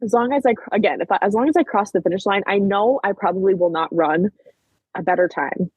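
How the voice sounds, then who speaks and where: A young woman in her late teens, a podcast guest, chatting and retelling events in a lively way full of "like". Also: mid-range voice, a little fast, breathy edge, no room sound, poor audio. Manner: chatty, peppered with "like", animated retelling. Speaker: podcast guest, track athlete. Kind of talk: casual storytelling interview.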